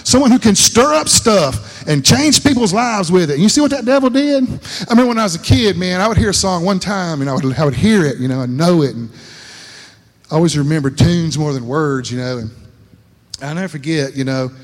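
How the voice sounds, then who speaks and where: A man's voice: on the high side, expressive, fairly quick. A man preaching a folksy sermon, rambling and repeating words, laughing at himself and acting out voices in his stories. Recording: long hall reverb.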